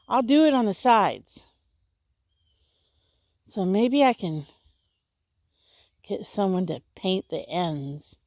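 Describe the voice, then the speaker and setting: A woman, chatting casually in a vlog outdoors by her house and talking to her dogs. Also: no echo. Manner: chatty, talks to her dogs in a high baby voice. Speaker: vlogger. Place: outdoors around a country house.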